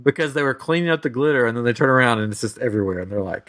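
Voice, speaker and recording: A man chats on a casual podcast with a lively, swinging pitch. He jokes around and laughs often. His voice sits at a middle pitch. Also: very fast, hardly any pauses. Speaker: podcast co-host. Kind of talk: casual chat.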